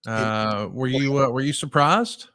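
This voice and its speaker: A man's voice: medium pitch, a little slow, sharp tone, smooth. A man co-hosting a podcast, chatting casually and prodding with questions. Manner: conversational, prompts with questions. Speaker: podcast co-host. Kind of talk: casual chat.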